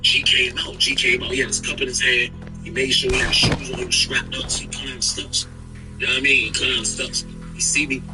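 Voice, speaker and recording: A man's voice: mid-range voice, fairly quick, far from the mic, music in the background, low-quality recording. A man streaming, telling a long story in casual chat and acting out the people in it. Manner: animated, acts out quoted people in raised voices.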